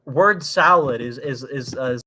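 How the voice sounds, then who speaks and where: A man's voice: mid-range voice, unhurried, pushed and bright. A man hosting a livestream, ranting heatedly in casual political chat, with frequent ums. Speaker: livestream host.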